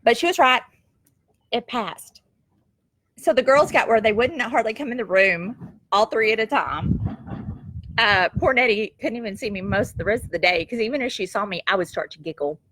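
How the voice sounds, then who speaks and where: A middle-aged woman telling a family story on camera at home, lively and quick to laugh, with homespun phrasing. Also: mid-range voice, dry recording. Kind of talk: casual storytelling. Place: at home, goats nearby.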